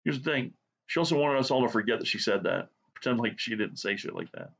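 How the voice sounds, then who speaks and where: Brief: blunt, sarcastic man on a profane rant, mid-pitched voice, muffled lo-fi recording. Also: expressive, quick pace, vocal fry, fairly bright tone. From United States. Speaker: art vlogger. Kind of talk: profane rant while drawing.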